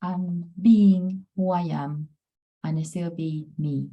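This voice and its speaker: A woman's voice: fairly low pitch, fairly even intonation, slow, mellow, highs cut off. A woman from Peru, presenting a pronunciation workshop over a video call in an upbeat, encouraging way. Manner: upbeat, encouraging, often says amazing and brilliant. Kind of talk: online presentation.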